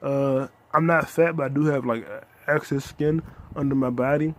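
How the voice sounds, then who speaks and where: A young man hosting a solo comedy podcast, ranting in loud, profane bursts with sudden shouts. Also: medium pitch, steady tone, moderate pace, no room sound.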